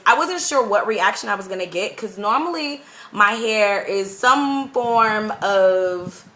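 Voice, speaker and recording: A young woman teaching English abroad, chatting to her camera in a rambling, animated way. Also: mid-range voice. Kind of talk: casual talking-head vlog. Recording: echoey room.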